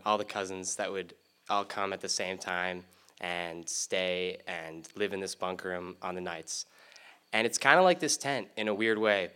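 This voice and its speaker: A man with a lowish, smooth and resonant voice tells a story on a theater stage before an audience. He talks in a relaxed, rambling way, and his tone is bright.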